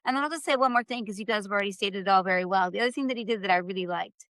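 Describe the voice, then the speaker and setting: A woman's voice: medium pitch, very fast, fairly bright tone, dry recording. A woman author, a guest on a political panel, sharing earnest opinions and thinking aloud. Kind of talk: casual political discussion.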